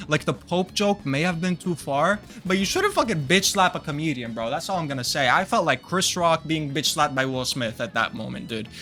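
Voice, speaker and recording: A young man telling a story from high school in a crude, profane, animated way, full of "dude" and "bro". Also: a little fast, hardly any pauses. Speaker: vlogger telling a personal story. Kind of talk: storytime monologue.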